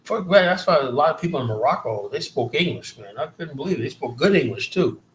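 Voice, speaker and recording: A man's voice: a little high, lively intonation, fast talker, fairly bright tone, slight background noise. Profane, rambling New man. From South Jamaica, Queens, New York. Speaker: livestream host. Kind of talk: casual livestream rant.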